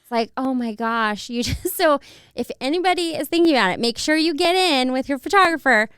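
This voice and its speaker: A young woman who works as a family photographer chats in a casual interview, laughing often and speaking fondly about children. Her voice is high, lively, fairly bright, and a little fast. The clean studio recording has no echo.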